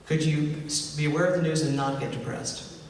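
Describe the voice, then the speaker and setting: A man's voice: fairly high pitch, fairly even intonation, a little fast, a little hiss or hum. A male minister giving a conversational sermon, often asking the congregation questions. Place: church hall. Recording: echoey hall from far off.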